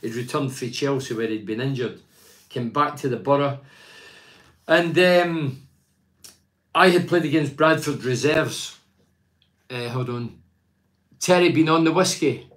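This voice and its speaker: The former footballer, an older man, has a bright-ish medium-pitched voice and a measured pace broken by long pauses. He chats casually about his club, reads fan messages, and gives blunt, opinionated takes while rambling and restarting frequently.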